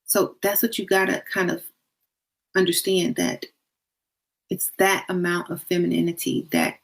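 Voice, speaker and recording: Woman giving dating tips, a bit low and husky, blunt and joking, talks real casual. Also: little pitch movement, measured pace. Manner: blunt, playful, colloquial, slips into a higher girly voice to demonstrate. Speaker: dating and self-worth advice host. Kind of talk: casual advice talk to camera.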